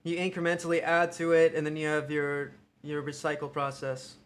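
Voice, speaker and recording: A man's voice: on the high side, completely flat delivery, moderate pace, smooth. Profane rambling American man streamer. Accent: American, mixed Midwestern and New York tinge. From Ohio, USA. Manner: rambling, profane, thinking aloud. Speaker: livestream host. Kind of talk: casual live-stream chat.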